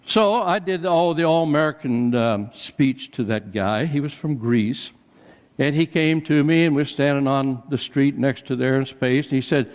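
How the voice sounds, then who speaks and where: An older man preaching a sermon, telling personal stories in a folksy way and becoming animated when he quotes others. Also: mid-range voice, normal speed, clear, resonant tone. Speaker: pastor. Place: church sanctuary. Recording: dull church recording with long reverb.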